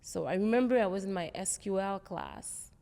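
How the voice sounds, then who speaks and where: A woman's voice: mid-range voice, big pitch swings, normal speed, creaky, warm tone, long reverb tail. A woman being interviewed about her career, talking in an earnest, reflective way. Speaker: guest, tech executive. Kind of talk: interview conversation.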